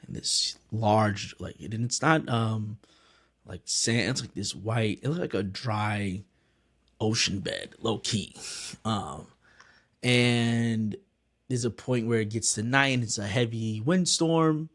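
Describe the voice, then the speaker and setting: A man's voice: on the low side, takes it slowly, a bit bright. A man giving a casual spoken film review, earnestly retelling the scenes with lots of filler words.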